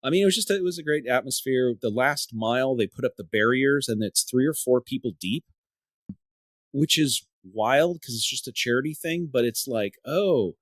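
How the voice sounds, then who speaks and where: A man's voice: mid-range voice, expressive, moderate pace, no room sound, clean studio sound. A man hosting a podcast in casual chat, telling a story in a rambling way and often repeating and restarting his words. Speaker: podcast host.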